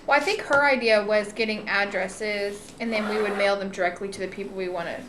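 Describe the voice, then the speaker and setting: A woman's voice: medium pitch, fairly even intonation, a little fast. Woman, casual vlog co-host, chatty with fillers; roomy echo, faint noise. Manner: chatty, with frequent ums. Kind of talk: casual chat. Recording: echoey room, faint noise.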